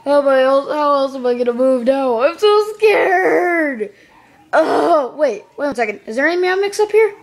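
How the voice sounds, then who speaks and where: A woman voicing her lazy house cat in a home video, with a squeaky, excitable, indignant cartoonish manner. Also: a little fast, few pauses. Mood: scared, excited. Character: scared, grumpy house cat voiced by its owner. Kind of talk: home video voiceover for pets.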